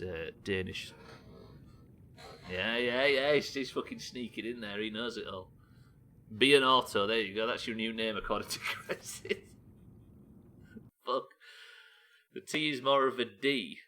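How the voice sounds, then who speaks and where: This is live gameplay commentary from a young man in Britain who curses a lot, chats easily and reads out viewer messages while gaming. He speaks with a fairly low pitch in a pushed, bright way, over slight background noise.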